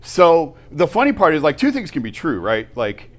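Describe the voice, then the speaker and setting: A man's voice: a little high, big pitch swings, normal speed. A man co-hosting a sports talk show, pushing back on a colleague and reasoning his case point by point. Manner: argumentative, pushes back, reasons it through point by point.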